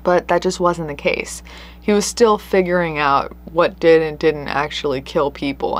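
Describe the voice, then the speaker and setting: A woman hosting a true crime show, telling a case in an earnest, conversational way with emphatic stresses. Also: low-pitched. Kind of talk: casual true crime storytelling.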